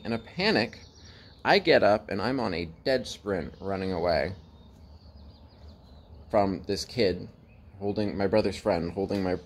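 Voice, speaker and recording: Man telling a personal story, fairly low voice. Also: a little hiss or hum. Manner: candid, animated retelling with swearing and laughs. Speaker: vlogger.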